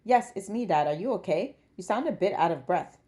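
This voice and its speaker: 女性が演じる呆れ気味の大人の娘. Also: female voice, fairly low pitch, expressive, fairly quick, dark tone, lightly acted. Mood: caring. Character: grown-up academic daughter, affectionate, exasperated.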